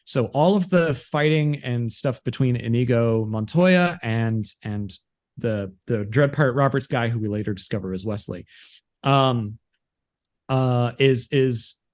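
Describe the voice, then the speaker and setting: A man's voice: medium pitch, unhurried. A man co-hosting a podcast, chatting casually and rambling with lots of restarts and acted-out quotes. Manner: rambling, animated, acts out movie lines. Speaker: podcast co-host. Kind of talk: casual chat.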